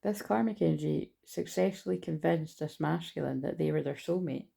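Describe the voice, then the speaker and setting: A woman's voice: deep voice, moderate pace, vocal fry, mellow, breathy edge. A woman giving a casual, rambling tarot reading, listing card meanings and swearing freely. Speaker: tarot reader.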